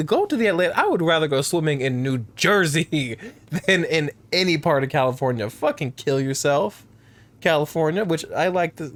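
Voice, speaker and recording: Animated, rambling man gaming. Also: a little high. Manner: rambling, profane, animated storytelling. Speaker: let's play gamer. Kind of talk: casual gaming commentary.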